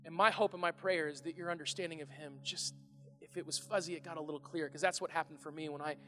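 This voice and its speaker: A man in his thirties preaching a casual, animated sermon to a congregation in a large church. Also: fairly high pitch, fast talker. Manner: animated and conversational, shouting at times. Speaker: pastor. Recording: echoey hall with faint music.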